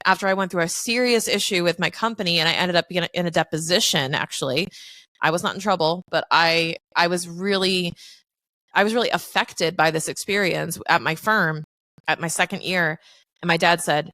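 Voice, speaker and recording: On a podcast, a woman who works as an accountant and runs a business tells her story in a frank, candid interview, swearing freely and voicing the people she quotes. Her voice is fairly low and sharp, her pace moderate, and the recording dry.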